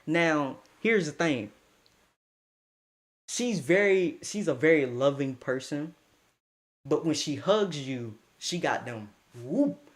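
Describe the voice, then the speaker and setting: A young man casually telling a story, animated, slangy and breaking into laughing asides. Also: fairly high pitch, slow pace, long pauses.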